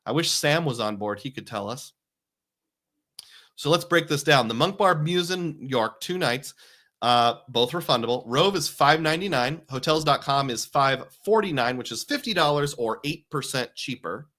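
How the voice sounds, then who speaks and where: Bright-voiced man hosting a casual live stream. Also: mid-range voice, expressive, moderate pace. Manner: rambling, reads viewer comments aloud and jokes along.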